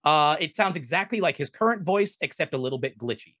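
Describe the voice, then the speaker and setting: A man narrating a tabletop game as game master, animated and rambling, with many fillers and restarts. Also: on the high side, fast, dry recording, studio quality.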